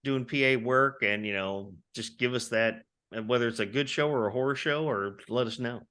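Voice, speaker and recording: A man co-hosting a casual movie podcast, easygoing and quick to laugh. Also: mid-range voice, bright, forceful tone, smooth. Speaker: podcast co-host. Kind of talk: casual chat.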